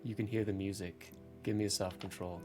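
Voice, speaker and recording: A man running a tabletop horror game as game master, calmly narrating and explaining the rules. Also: low voice, a little fast, over music. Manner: calm, matter-of-fact rulings and narration.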